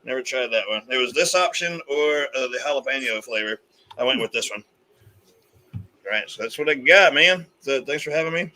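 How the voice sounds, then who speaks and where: A man's voice: mid-range voice, expressive, a little fast, bright, forceful tone. A man chatting upbeat and casually as a guest on a live video call, with playful exclamations. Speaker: guest on a live beer show. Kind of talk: casual live-stream chat.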